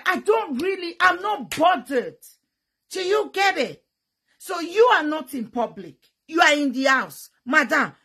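High husky Nigerian Pidgin woman, blunt casual vlog talk, loud bursts, teasing. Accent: Nigerian Pidgin English. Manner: animated, loud bursts and sound effects. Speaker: vlogger. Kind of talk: frank casual talk to viewers.

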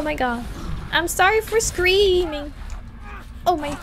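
A woman with a high, bright voice narrates her horror game playthrough in slow, drawn-out phrases. She reacts to each scare with panicked exclamations, and a faint ambient hiss sits under her voice. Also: animated. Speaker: let's play streamer. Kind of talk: horror game let's play commentary.

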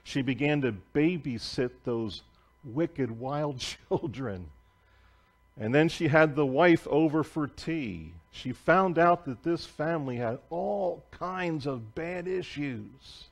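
A man preaching a sermon as pastor, telling a story emphatically and swinging between loud declarations and hushed asides. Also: on the high side, lively intonation, takes it slowly. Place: church sanctuary.

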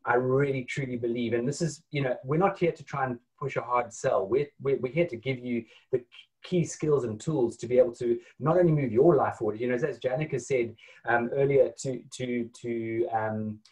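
A man's voice: medium pitch, moderate pace, darkish tone, rough recording. A man who leads a training course, speaking hesitantly with many fillers on a video call. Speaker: course leader. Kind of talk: casual call chat.

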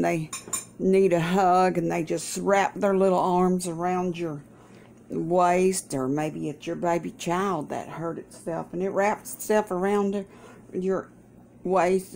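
Slow gravelly woman. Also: on the low side, darkish tone, slight background noise. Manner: folksy, chatty, religious asides. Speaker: vlogger caring for her mother. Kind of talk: casual chat. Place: home kitchen, breakfast table.

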